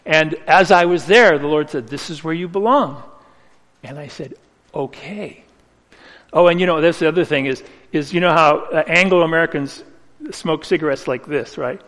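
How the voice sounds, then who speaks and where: A man preaching a sermon, telling a personal story earnestly with slow, emphatic phrasing. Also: on the high side, fairly bright tone. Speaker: pastor. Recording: reverberant hall.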